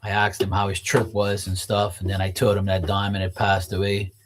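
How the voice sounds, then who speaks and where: A man's voice: deep voice, completely flat delivery, fairly quick. Man rambling casually over dishes. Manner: rambling, loose, slangy. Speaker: vlogger. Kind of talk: casual storytelling while washing dishes. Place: at home, doing dishes.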